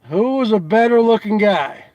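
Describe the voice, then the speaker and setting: A man hosting a casual comedy show, asking his audience teasing questions over and over in a drawn-out way. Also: high-pitched, lively intonation, no room sound, highs cut off. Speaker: host.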